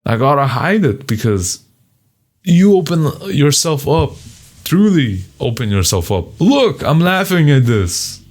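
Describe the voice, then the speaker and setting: A man journaling on video, talking bluntly and profanely and sometimes bursting into loud shouts. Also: fairly high pitch, very animated, unhurried. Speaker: vlogger.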